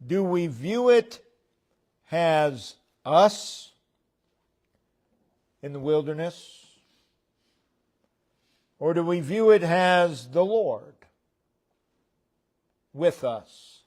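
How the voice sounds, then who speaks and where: A man preaching a sermon in a church, speaking in short, deliberate phrases that trail off at the ends. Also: a little high, expressive, darkish tone. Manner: slow, deliberate preaching with pauses between phrases; voice falls away at the ends of phrases.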